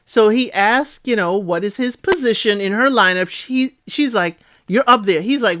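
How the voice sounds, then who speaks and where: A woman hosting a casual reality TV recap, chatty and animated, acting out the cast members' lines in playful voices. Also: medium pitch, normal speed, hardly any pauses.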